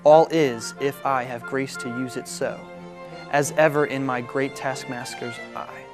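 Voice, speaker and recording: A man reciting a poem in a measured, deliberate reading. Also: medium pitch, fairly even intonation. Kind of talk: poetry recitation. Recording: violin music under voice. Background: violin music.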